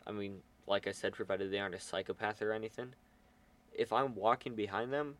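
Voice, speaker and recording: A man's voice: lowish voice, fairly even intonation, fairly quick, fairly bright tone. A teenage boy chatting casually, telling a school story in a rambling way with many fillers. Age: teens. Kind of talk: casual chat.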